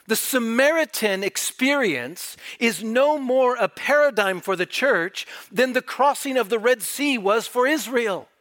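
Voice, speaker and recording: High-pitched guy preaching, reads verses and keeps asking the crowd questions. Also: animated, unhurried, few pauses, fairly bright tone. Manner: emphatic, rhetorical questions to the congregation. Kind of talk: sermon.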